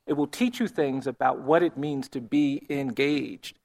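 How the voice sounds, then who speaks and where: Man, mid-range pitch, gravelly texture; earnest, measured storyteller. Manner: earnest, measured, often quiet. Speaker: speaker telling a personal story. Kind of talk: storytelling talk.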